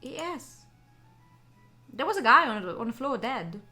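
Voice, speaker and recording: A woman on a gaming stream, reading a visual novel aloud with excitable, giggly reactions. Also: fairly high pitch, unhurried, faint music behind. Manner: excitable, giggly, swears casually.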